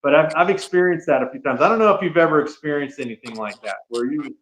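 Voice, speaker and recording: A man appearing as a podcast guest tells stories in a chatty, casual way, saying "you know" and "man" again and again. His voice runs on the high side, fast and fairly bright, and the room is echoey.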